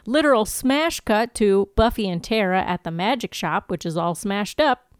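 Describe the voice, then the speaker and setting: Woman podcaster retelling tv episodes, giggly and playful, smooth clear voice, dry close mic. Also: mid-range voice, normal speed, no echo. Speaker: podcast co-host. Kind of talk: casual chat recapping TV episodes.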